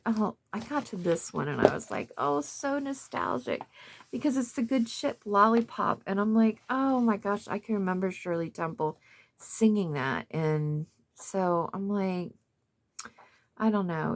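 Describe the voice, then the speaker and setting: A woman in her fifties chatting casually about a craft haul, rambling with lots of fillers. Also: lowish voice. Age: 50s. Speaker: craft vlogger. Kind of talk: casual show-and-tell of a thrift haul.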